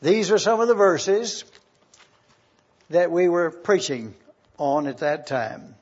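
A man preaching a teaching sermon, reading scripture aloud and slowly spelling out terms. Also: fairly high pitch, animated, darkish tone, slightly rough. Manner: slow and deliberate, spelling out terms. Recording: dull lo-fi sermon recording.

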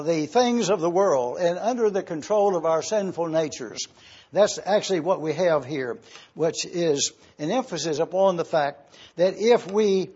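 A man preaching an expository sermon, slowly spelling out Greek words letter by letter as he teaches. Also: a little high, a little mellow, breathy edge, highs cut off.

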